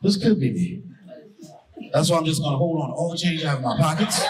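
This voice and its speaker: A man's voice: on the high side, expressive, fast, pauses often, very noisy. A man from Brooklyn doing a profane, conversational stand-up set on a live stage. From Brooklyn, New York. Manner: profane, conversational, punchy delivery. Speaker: stand-up comedian. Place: live comedy stage with audience. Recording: live show with loud crowd.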